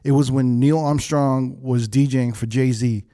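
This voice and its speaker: A man who works as a club DJ, chatting casually on a podcast and telling animated stories full of his own hype catchphrases. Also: medium pitch, unhurried.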